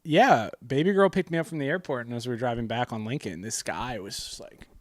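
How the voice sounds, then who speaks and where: A man's voice: medium pitch, brisk, no echo, clean studio sound. A man co-hosting a casual comedy podcast, riffing crudely with lots of profanity and voiced impressions. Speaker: podcast co-host.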